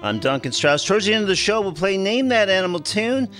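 A man hosting a radio talk show in a studio, lively and hesitant with many fillers. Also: high-pitched, fast, soft background music.

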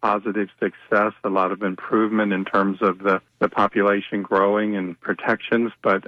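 Male guest, lowish voice, earnest explainer, dry muffled remote line. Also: little pitch movement, moderate pace, dry recording. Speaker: nonprofit executive director, guest. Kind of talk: radio interview.

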